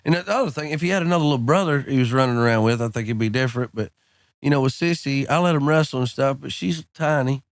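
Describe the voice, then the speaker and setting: Man, thirties, podcast guest, casual storyteller, says man and dude a lot, mid-pitched, dry close mic. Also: fast, no room sound. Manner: laid-back, drawling anecdotes peppered with "man" and "dude". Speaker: podcast guest, country singer.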